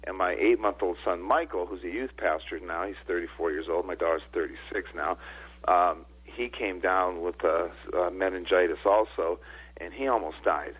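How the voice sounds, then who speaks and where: A man's voice: sits low, normal speed, husky. A man in his sixties, a guest on a radio show, telling stories in an emotional, earnest way. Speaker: guest speaker. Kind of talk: storytelling in a radio interview. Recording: tinny phone line.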